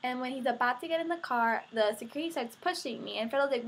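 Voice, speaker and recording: A teenage girl vlogging, telling an excited story to camera in a gushing, breathless way full of "like" and quoted reactions. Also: high-pitched, quick pace.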